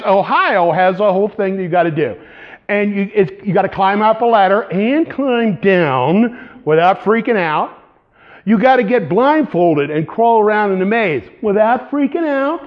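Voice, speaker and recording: Animated high-voiced male pastor. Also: lo-fi sound. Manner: animated, playful storyteller with vocal sound effects. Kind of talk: storytelling sermon.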